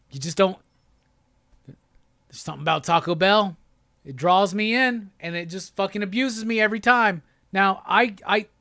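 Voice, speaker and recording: A man's voice: high voice, sharp tone, no room sound, studio quality. A man hosting a live pop-culture stream, ranting with lots of profanity and exasperation. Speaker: host.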